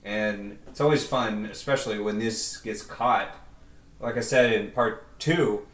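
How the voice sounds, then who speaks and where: A man's voice: lowish voice, measured pace, fairly bright tone, far from the mic. A man chatting casually and ramblingly in a self-deprecating vlog, talking into a headset in his bedroom. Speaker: video creator. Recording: roomy echo.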